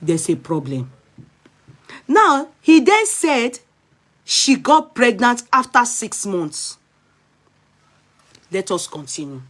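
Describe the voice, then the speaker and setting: Animated Nigerian woman vlogger. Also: fairly high pitch, takes it slowly, long pauses. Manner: animated, mixing English and Yoruba, rising to exhortation. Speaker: vlogger commenting on a clip. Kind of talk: casual commentary.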